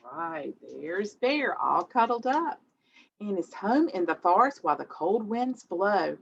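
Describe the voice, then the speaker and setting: A woman hosting a children's storytime as a librarian, reading a picture book aloud in an animated, sing-song manner and gasping for effect. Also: medium pitch, a little slow, vocal fry, slight background noise. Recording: dull lo-fi audio.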